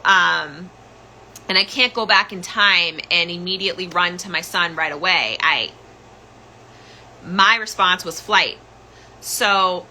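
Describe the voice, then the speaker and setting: A woman's voice: mid-range voice, pushed and bright, slight background noise, poor audio. A woman hosting a podcast, telling a personal story in an urgent, candid way with many restarts. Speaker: podcast host telling her own story.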